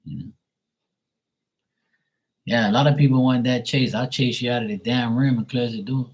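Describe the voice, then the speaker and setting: A man's voice: medium pitch, steady tone, normal speed, darkish tone, poor audio. A man chatting casually on a livestream as a tarot reader, blunt and profane, ranting with chuckles.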